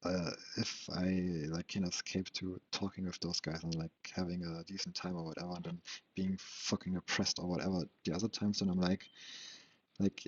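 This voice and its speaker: A young man in an unscripted, rambling monologue, talking haltingly and questioning himself, with frequent restarts and casual swearing. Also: low-pitched, flat delivery, slightly rough. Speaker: vlogger. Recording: dull lo-fi, dry sound.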